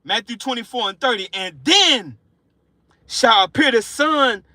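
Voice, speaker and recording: Fervent high-voiced man preaching. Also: animated, sharp tone, no echo. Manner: emotional, fervent, repetitive, slows down reading scripture. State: excited and sweating. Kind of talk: informal street sermon.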